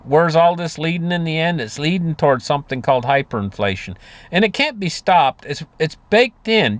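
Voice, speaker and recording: This market commentator has a fairly high, slightly bright voice, recorded with no echo. He wanders through a homespun, casual talk on money and markets, stumbling over fillers and starting sentences over.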